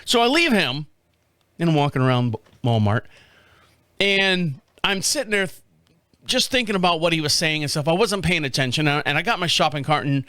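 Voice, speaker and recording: High-voiced man in his fifties telling a rambling story. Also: a little fast, no room sound. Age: 50s. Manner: rambling, animated storyteller acting out dialogue. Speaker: podcast host. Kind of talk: casual storytelling monologue.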